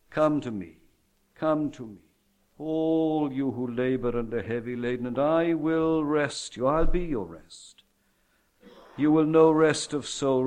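A man preaching a sermon, alternating loud proclamations with slow, hushed, tender passages and emphatic repetition. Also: fairly high pitch.

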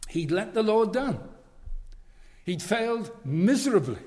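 Preaching in a church with long, large-hall reverb around him, a man speaks earnestly and returns again and again to repeated phrases. His slightly mellow voice sits high, moves a little slowly, and swings widely in pitch.

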